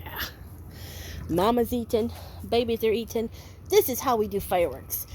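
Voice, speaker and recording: A woman dog breeder casually talking outdoors in a backyard, slipping into squeaky sing-song baby talk for her puppies. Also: moderate pace, darkish tone. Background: faint outdoor noise with distant fireworks.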